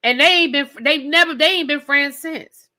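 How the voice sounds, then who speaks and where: A woman reviewing a reality TV episode in a blunt, profane, animated rant. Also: high voice, moderate pace.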